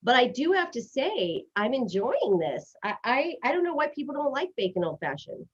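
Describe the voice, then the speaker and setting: Woman host, casual live chat, fast, chatty, self-deprecating; muffled stream sound. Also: sits high, big pitch swings, slightly rough. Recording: dull lo-fi stream audio.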